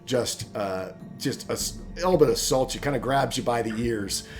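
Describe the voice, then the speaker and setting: American man, game master, mid pitch, loose filler-heavy narration. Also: moderate pace, soft background music. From United States. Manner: rambling, filler-heavy storytelling.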